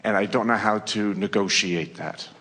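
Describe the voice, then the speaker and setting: Deep-voiced man asking a question in a hall. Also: fairly even intonation, moderate pace, fairly bright tone, husky. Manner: earnest, searching for words. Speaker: audience member asking a question. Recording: long hall reverb.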